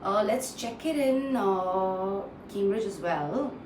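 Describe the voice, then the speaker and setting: A woman's voice: mid-range voice, lively intonation, darkish tone. Indian woman teaching pronunciation, echoey room. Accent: Indian English. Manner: repeats words slowly, mixes in Hindi phrases. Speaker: English pronunciation trainer. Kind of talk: casual online pronunciation lesson. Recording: echoey room, distant mic, faint noise.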